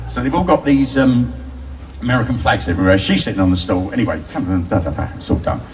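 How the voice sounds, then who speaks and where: A man's voice: on the low side, lively intonation, fast talker, slight background noise. An older English man telling crude, cheeky stories on stage, laughing at his own jokes. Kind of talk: live stand-up storytelling. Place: bar with a live audience. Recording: distant live audience recording.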